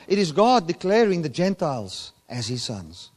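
A man preaching a sermon, often swinging his voice from loud, high emphasis to low, quiet asides. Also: moderate pace. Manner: animated preaching, voice rising and dropping sharply for emphasis. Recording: long hall reverb.

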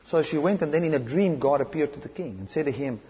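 South African preacher in a reverberant hall. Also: male voice, fairly high pitch, expressive, fast. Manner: impassioned, swings between loud emphatic and hushed delivery. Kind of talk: sermon. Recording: dull lo-fi recording in a reverberant hall.

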